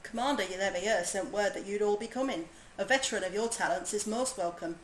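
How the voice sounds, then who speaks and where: A woman voicing a stern military officer in a game, putting on a Yorkshire accent, reading in a formal, measured way. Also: medium pitch, reverberant, a little hiss or hum, close to an everyday voice, poor audio. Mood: earnest. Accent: put-on Yorkshire.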